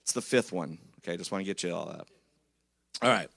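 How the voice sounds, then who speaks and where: A man's voice: sits low, expressive, fairly quick, vocal fry, a bit bright, dry recording. A man preaching a conversational sermon in a church. He talks in a chatty, jokey way and keeps checking in with the congregation. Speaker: pastor.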